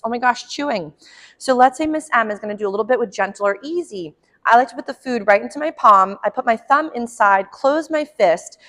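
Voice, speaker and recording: A woman dog trainer explaining puppy training in a friendly way at home, with frequent ums and quick asides to the puppy. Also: on the high side, a bit bright. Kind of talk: instructional dog-training demo.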